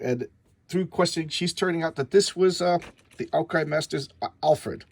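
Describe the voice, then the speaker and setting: A man's voice: on the high side, moderate pace, creaky, no room sound. A man casually recapping a comic book story, rambling and stumbling over names.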